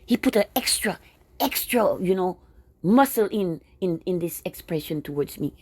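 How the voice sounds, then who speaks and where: A woman's voice: fairly low pitch, lively intonation, moderate pace, darkish tone, no room sound. A woman delivering a casual, indignant monologue straight to her viewers, full of sarcastic asides. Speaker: video blogger.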